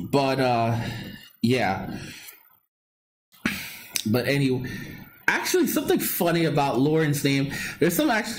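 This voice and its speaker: A man's voice: medium pitch, a little hiss or hum. A man hosting a casual live stream, rambling and repeating himself as he chats with viewers and reads their comments. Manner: rambling and repetitive, with frequent restarts and laughs. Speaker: livestream host.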